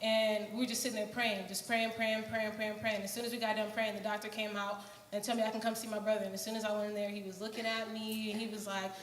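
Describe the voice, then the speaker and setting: A woman's voice: medium pitch, little pitch movement, quick pace. A young woman giving an earnest church testimony about her mission trip, telling her story with many fillers. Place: church hall. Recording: echoey hall, faint noise.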